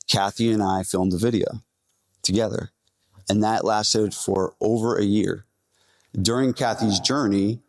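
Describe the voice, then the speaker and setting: Energetic man presenting to a live audience. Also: lowish voice, no room sound. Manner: energetic, addresses the audience directly. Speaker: gym owner presenting at a fitness event. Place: event hall stage.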